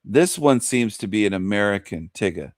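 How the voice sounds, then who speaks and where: A man's voice: lowish voice, lively intonation, moderate pace, dry recording. Sneering man ranting, dry sound. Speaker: host. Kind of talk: mocking livestream commentary.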